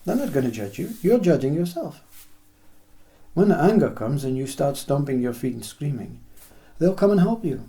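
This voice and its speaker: Spiritual teacher guy, warm dark tone, kinda high, talks in lists and acts out little conversations. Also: big pitch swings. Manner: slow, list-like phrasing that acts out little dialogues. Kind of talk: reflective spiritual talk.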